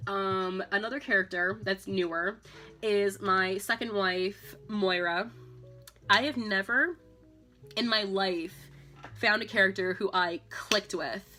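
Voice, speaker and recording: A slightly tipsy woman chatting casually, rambling with lots of "like" and "um" and breaking into loud excited squeals. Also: medium pitch, slow, soft background music. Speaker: vlogger. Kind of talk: casual tipsy chat about a video game.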